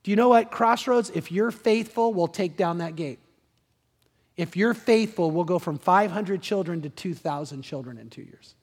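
A man pastor preaching a sermon, building to impassioned peaks and then easing into a quiet prayer. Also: moderate pace, in a large hall. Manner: impassioned preaching that rises in pitch and volume, then drops to a soft prayer. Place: large church auditorium.

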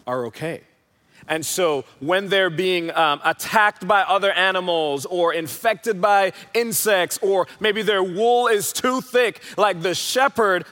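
A man's voice: sits high, fairly bright tone. A young man preaching a sermon in a large church hall, telling stories in a conversational, playful way. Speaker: pastor. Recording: hall reverb.

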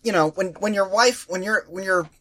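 High-pitched and fairly quick, a man co-hosting a podcast delivers a sarcastic, casual rant. He mimics the people who bothered him, quoting them with plenty of animation.

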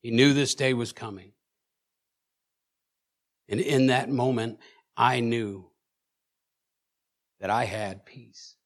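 A man preaching in a church, telling his own story with emotion, at times loud and at times hushed, often repeating words as he presses on. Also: mid-range voice, fairly even intonation, slow, pauses often. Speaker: preacher sharing a personal testimony. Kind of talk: sermon testimony.

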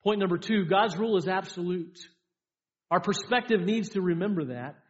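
Male pastor preaching, high voice, repetitive emphatic delivery, dull lo-fi sound. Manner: emphatic preaching with repeated lines and dramatic pauses. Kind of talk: sermon. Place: church sanctuary.

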